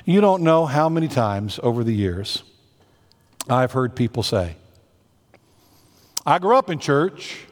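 A man's voice: medium pitch, very animated, slow pace, pauses often. A man preaching a sermon as a senior pastor, earnest and emphatic, drawing out the words he stresses. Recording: long hall reverb.

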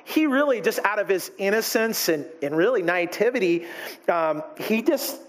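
A man preaching a sermon in an animated way, acting out the people he quotes. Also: high-pitched, moderate pace. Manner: animated, acts out quoted characters. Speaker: pastor.

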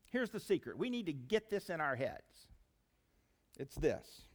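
Pastor guy preaching, high voice, really lively up and down, talks right at the congregation. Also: unhurried. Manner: preaching with emphatic rises and drops, addressing the congregation as friends. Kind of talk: sermon.

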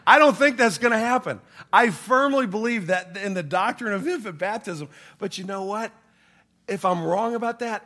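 A bright, slightly high-pitched man preaching to his congregation. He talks in a conversational way, acts out the voices he quotes, and swings from loud emphatic lines to quiet, hushed asides. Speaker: pastor. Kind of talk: sermon.

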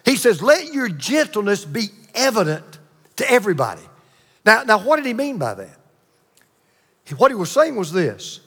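A male pastor delivers a sermon in a fairly high voice, building emphasis through repeated phrases and drawn-out pauses. His words ring out with a long hall reverb around them. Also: very animated, fairly bright tone, husky. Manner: emphatic preaching with repetition and dramatic pauses.

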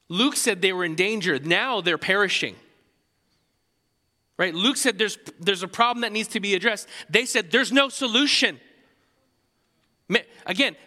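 A man preaching a sermon as pastor, animated and conversational, with many restarts. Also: high-pitched, long reverb tail.

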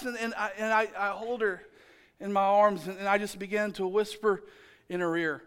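A pastor, preaching a sermon in a church and telling a family story with humorous asides. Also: male voice, high voice, fairly even intonation, fairly quick, fairly bright tone, clear, resonant tone. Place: church sanctuary.

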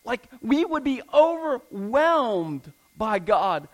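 A man's voice: high-pitched, slow, few pauses, low-quality recording. A man in his thirties preaching a sermon, earnest and fond of repeating phrases for emphasis. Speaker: pastor.

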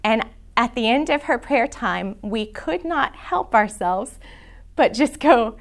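A middle-aged woman teaching a church prayer class, earnest and emotional, dropping into soft whispers when she quotes prayers. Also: fairly high pitch, expressive, unhurried, gravelly.

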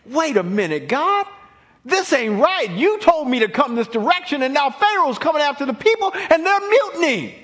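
A man playing Moses as a frantic, exasperated leader who shouts his complaints. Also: very high-pitched, very animated, moderate pace, pitched above the performer's own voice, full character voice.

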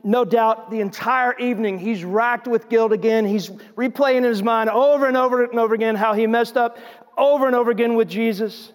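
Guy preaching a sermon, pretty high voice, chatty storytelling, big church echo. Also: fairly even intonation, fairly quick. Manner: conversational storytelling, acting out scripture scenes. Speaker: pastor. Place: church sanctuary.

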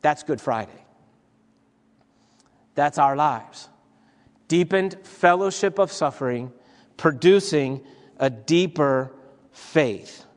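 A man's voice: a little high, lively intonation, takes it slowly, long pauses. A man preaching a sermon as pastor, earnest and repetitive, building his points with rhetorical questions. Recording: long hall reverb.

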